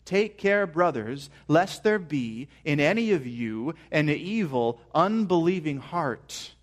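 A man preaching a sermon as pastor, earnest and building to excited emphasis. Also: a little high, slow pace.

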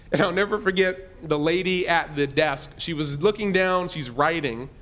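Man preaching a story, slightly high voice. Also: fairly bright tone. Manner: conversational, self-deprecating storyteller. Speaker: pastor. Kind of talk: sermon storytelling.

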